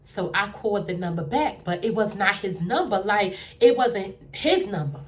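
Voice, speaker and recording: A woman's voice: medium pitch, moderate pace. A woman telling a casual story, acting out the conversations and checking in with the listener. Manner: animated, acts out both sides of conversations. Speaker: storyteller vlogger.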